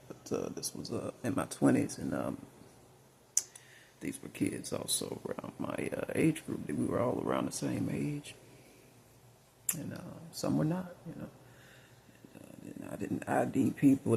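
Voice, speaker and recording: A man from Mississippi tells a long personal story, drifting from point to point. His voice is deeply gravelly and swings lively up and down in pitch. A faint hiss of background noise sits under it. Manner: rambling, many fillers and restarts. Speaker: vlogger.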